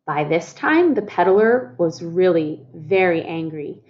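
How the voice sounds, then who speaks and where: Expressive woman reading a storybook aloud. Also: lowish voice, slow, muffled recording. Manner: expressive, talks to listeners as "friends" and asks them questions. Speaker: storytime reader. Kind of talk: reading a picture book aloud to children.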